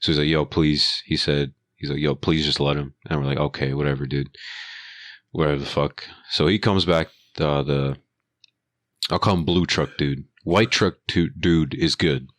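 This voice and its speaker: Deep-voiced young man telling a profane story. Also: normal speed, no echo, studio quality. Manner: animated, profane storytelling with acted quotes. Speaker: podcast co-host. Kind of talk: casual storytelling chat.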